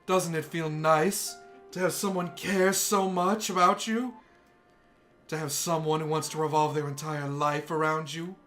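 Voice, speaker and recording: A man voicing an obsessive, soft-spoken young woman, reading visual novel dialogue aloud in a hushed, intense voice. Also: fairly high pitch, steady tone, a little slow, faint music behind.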